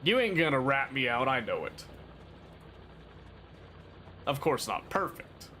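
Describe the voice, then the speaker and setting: Playful, lively-voiced streamer man. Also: mid-range voice, a little slow, a little hiss or hum. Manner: playful, teasing and mock-dramatic; rambling, talks to chat. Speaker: game streamer. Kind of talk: casual live-stream chat while gaming.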